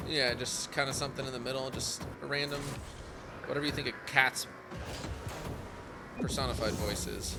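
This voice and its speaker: Deadpan young male podcast co-host. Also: medium pitch, normal speed, gravelly, long pauses, loud music behind the voice. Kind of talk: casual chat.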